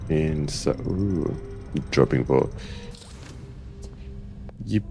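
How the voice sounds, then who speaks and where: Low-voiced, slow streamer joking through a game. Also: vocal fry, darkish tone, soft background music. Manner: joking, talks to himself and the game. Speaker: gaming streamer. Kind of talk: casual gameplay commentary.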